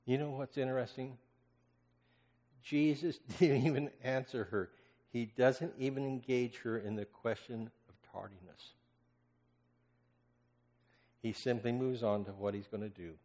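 A man preaching a sermon as pastor, swinging between loud impassioned cries and hushed, almost whispered lines. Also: medium pitch, fairly even intonation, a little slow, long pauses. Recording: long hall reverb.

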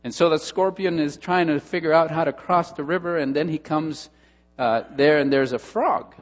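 A male pastor preaching a sermon, emphatic, with dramatic pauses and repetition, in a church hall. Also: fairly high pitch. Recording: long hall reverb with mains hum.

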